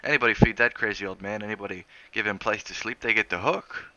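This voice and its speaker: A man voicing a pious, evasive middle-aged island cab driver who speaks slow, broken English. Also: on the low side, steady tone, bright, forceful tone, highs cut off. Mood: earnest.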